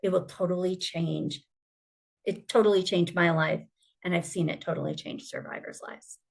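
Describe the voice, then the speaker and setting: A woman's voice: on the low side, steady tone, normal speed, vocal fry. A woman speaking as a survivor advocate, giving an earnest, emphatic personal testimony.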